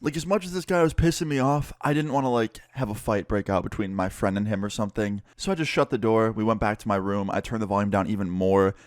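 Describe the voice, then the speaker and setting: A young man telling a story in a casual, profane and animated vlog style. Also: on the low side, fast, hardly any pauses, no echo, studio quality. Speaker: vlogger and musician.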